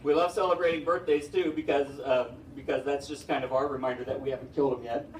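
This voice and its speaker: A man's voice: medium pitch, steady tone, quick pace, noisy background. A middle-aged man performing stand-up comedy, chatty and self-deprecating, chuckling through his stories. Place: indoor event hall. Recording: echoey hall from far off.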